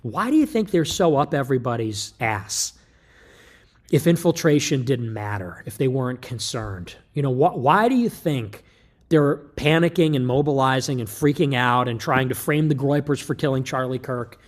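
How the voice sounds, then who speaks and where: A man giving a rambling livestream monologue, breaking off mid-thought and starting again with quick asides. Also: medium pitch, expressive. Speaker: political streamer.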